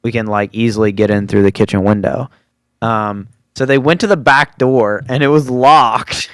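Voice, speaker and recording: A man's voice: lowish voice, moderate pace, fairly bright tone, clear, resonant tone, dry recording. A man in his twenties telling a rambling story on a podcast, full of fillers and laughing asides. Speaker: podcast host. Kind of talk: casual storytelling.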